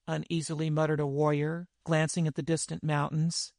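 A man's voice: a little high, little pitch movement, moderate pace, vocal fry, darkish tone, dry recording, studio quality. Man reading a dramatic tale. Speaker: audiobook narrator.

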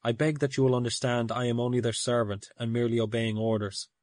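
Man voicing an ill-at-ease male visitor, storybook reading, quiet, formal, dry sound. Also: mid-range voice, flat delivery, fast talker, dry recording, close to an everyday voice. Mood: subdued.

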